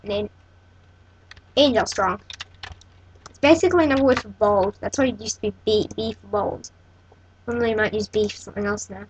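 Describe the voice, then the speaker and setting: A woman's voice: mid-range voice, brisk, long pauses, slight background noise, poor audio. A woman hosting a casual coding tutorial, thinking aloud and correcting herself as she works. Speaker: tutorial host.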